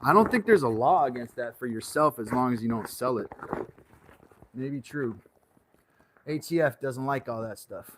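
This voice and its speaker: Rambling workshop host over loud scraping. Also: male voice, medium pitch, animated, normal speed, pauses often. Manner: rambling, joking asides. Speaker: channel host. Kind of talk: casual workshop livestream chat. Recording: loud scraping and clicking noise.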